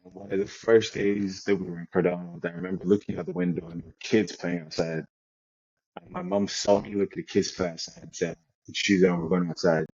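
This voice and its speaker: A young man from Nigeria, a guest on an interview podcast, telling stories in a relaxed way with many restarts. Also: low voice, a little fast, lo-fi sound. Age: young adult. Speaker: guest, American football player. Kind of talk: casual interview chat.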